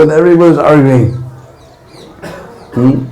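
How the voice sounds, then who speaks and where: A man at a middle pitch tells a devotional story as a sermon. He keeps checking in with his listeners with "hmm?" and "huh?". His voice carries the echo of a roomy temple hall. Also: unhurried, dark tone. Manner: tags lines with "hmm?" and "huh?". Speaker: preacher.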